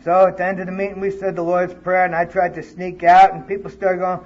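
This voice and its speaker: Guy with a high voice telling his sobriety story, swears a lot, muffled old tape. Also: little pitch movement, fairly quick, hardly any pauses. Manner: blunt, profane storytelling. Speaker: conference speaker. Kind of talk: recovery talk, personal story. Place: conference hall.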